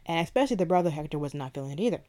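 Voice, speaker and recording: A woman with a low-pitched voice talks very fast while hosting a book review podcast. She chats animatedly, retelling a favorite scene with playful quoted asides, reading ad copy, and reading a passage aloud.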